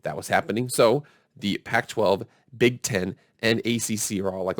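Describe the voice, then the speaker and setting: A man's voice: lowish voice, fairly quick, gravelly, no echo, clean studio sound. A man hosting a football show in casual, upbeat commentary, chatty and hyping his viewers. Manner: upbeat and chatty, hypes the audience.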